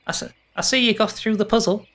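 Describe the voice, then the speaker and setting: A man's voice: fairly even intonation, fast, a bit bright. A man doing a shy little satyr boy. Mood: hopeful. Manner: high, shy and hesitant. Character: small timid young male satyr.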